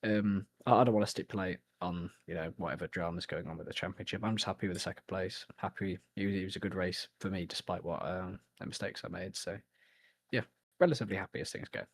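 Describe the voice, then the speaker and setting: A young man from central England with a Birmingham accent, giving a relaxed post-race interview and laughing often. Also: deep voice, fast. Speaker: sim racing driver.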